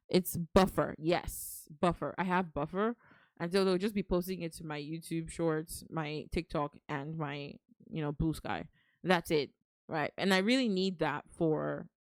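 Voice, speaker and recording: Woman streamer, low voice, dry close sound; chatty and affectionate with chat. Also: darkish tone, no echo. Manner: chatty, affectionate, calls viewers darling. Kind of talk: casual live-stream chat.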